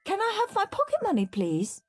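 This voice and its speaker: A woman's voice: very high-pitched, huge pitch swings, brisk, dry recording, clean studio sound, soft background music, voice pushed up, exaggerated voice. A woman voicing a sweet, tattling goody-goody little boy. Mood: prim.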